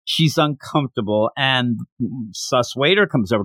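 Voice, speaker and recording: A man hosting a podcast, recapping a manga chapter in a casual, animated way and acting out the characters' lines. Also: medium pitch, moderate pace, few pauses, no room sound, clean studio sound. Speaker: podcast host.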